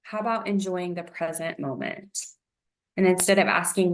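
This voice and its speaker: A woman with a somewhat low voice leads a wellness lesson. She speaks in a gentle, encouraging way, often pausing on an "um" before going on. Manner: gentle, encouraging, uses fillers like um. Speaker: presenter.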